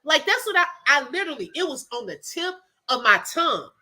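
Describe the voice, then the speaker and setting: A woman telling a story in casual chat to her viewers, animated and laughing often. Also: high-pitched, brisk. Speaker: livestream host chatting with viewers.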